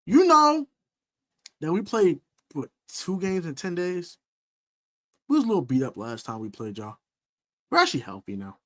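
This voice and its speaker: A lively man with a bright, forceful voice, taunting and boasting as he previews a football game. His pitch swings widely as he repeats his jabs over and over, and he mixes slang in with the talk. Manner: animated, boastful, repetitive taunting. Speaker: sports podcast host. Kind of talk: trash-talking football preview.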